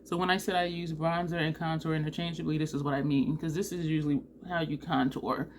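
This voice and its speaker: Chatty woman beauty vlogger, lowish voice. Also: fast talker, slight background noise. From New Jersey. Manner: chatty and animated, laughs often. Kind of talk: casual makeup tutorial chat.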